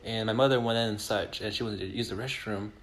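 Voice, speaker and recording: A man's voice: lowish voice, quick pace. A man co-hosting a podcast, chatting casually in an easygoing way with many ums and restarts. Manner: easygoing, hesitant, many fillers. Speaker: podcast co-host. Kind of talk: casual chat.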